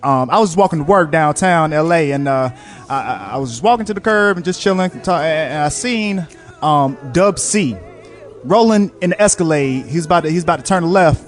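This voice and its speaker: A man's voice: on the high side, expressive, brisk, faint music behind. A man co-hosting a casual podcast chat, telling stories animatedly and swearing freely. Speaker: podcast co-host.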